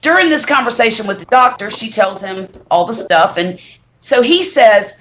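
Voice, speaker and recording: Animated woman telling stories. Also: a little high, normal speed, slight background noise. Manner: animated, exaggerating storyteller. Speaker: livestream host. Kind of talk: casual storytelling chat.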